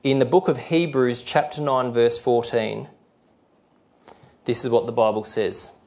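Measured middle-aged male preacher. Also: mid-range voice, steady tone, a little mellow. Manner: slow, careful reading of scripture verses; explanatory, with fillers and restarts. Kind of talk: sermon.

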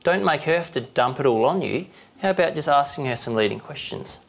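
A man's voice: on the high side, lively intonation, a little fast, gravelly. A man preaching a sermon in a conversational way, often asking the listeners questions.

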